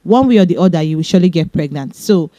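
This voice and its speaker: A young Nigerian woman with a Nigerian accent hosting a podcast, giving chatty relationship advice quickly, with laughing asides. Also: fairly low pitch, lively intonation, warm tone, dry recording. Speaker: podcast host. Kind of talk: casual advice talk.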